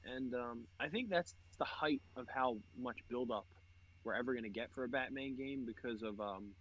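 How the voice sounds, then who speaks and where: A man's voice: mid-range voice, normal speed, fairly bright tone, dull audio. A young man co-hosting a podcast, chatting casually and laughing about video games while he plays, swearing often. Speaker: podcast co-host. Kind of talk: casual gaming chat while playing.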